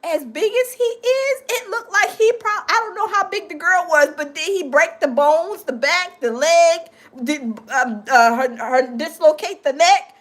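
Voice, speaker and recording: A woman hosting a reaction video, exclaiming and laughing as she talks straight to her viewers in excited commentary. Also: very high voice, a little slow. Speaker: reaction channel host.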